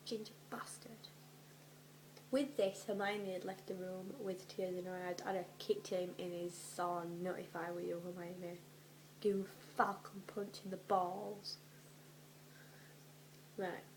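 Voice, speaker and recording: A young woman doing a comedic dramatic reading, animated and sweary, often dropping into whispers for her asides. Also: medium pitch, a little hiss or hum, rough recording. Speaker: vlogger.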